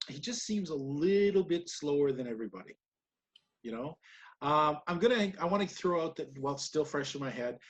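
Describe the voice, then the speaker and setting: A man's voice: fairly high pitch, lively intonation, a little fast. A man co-hosting a podcast, recapping wrestling matches in casual, rambling chat and laughing often. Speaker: podcast co-host.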